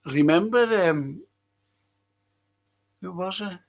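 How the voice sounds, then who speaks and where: A man from Liverpool, England, with a Scouse accent hosts a casual film review chat, rambling and swearing often. His voice is high, slow, and creaky, and the audio's highs are cut off.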